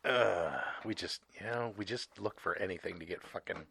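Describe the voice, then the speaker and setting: A man's voice: deep voice, normal speed, gravelly, bright, forceful tone, slightly rough. A man co-hosting a casual comedy podcast, ranting with lots of profanity and exasperation. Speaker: podcast co-host. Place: hot small room.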